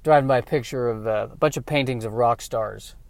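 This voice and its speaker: A man's voice: mid-range voice, fairly quick, vocal fry, no room sound. Rambling man musing while driving. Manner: meandering, self-interrupting, wry. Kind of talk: rambling comic monologue. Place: inside a car while driving.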